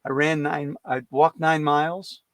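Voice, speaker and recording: A man's voice: a little high, level tone, unhurried, no room sound. A middle-aged man co-hosting a casual comedy chat, joking and swearing freely on a video call. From Cleveland area. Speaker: comedian co-host. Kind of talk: casual banter.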